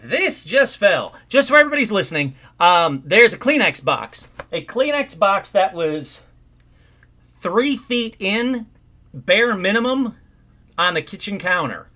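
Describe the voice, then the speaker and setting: An excitable man hosts a call-in livestream from his home. His voice sits a little high and bright, and it swings widely in pitch as he rambles and breaks into sudden outbursts. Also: unhurried. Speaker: host of a call-in livestream show. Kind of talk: casual live-stream chat.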